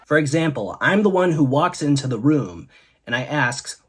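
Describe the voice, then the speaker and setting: A man's voice: a little high, lively intonation, a little slow, slightly rough. A man hosting a comedy show, telling one joke after another in an upbeat way and leaning on the punchlines. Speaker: host.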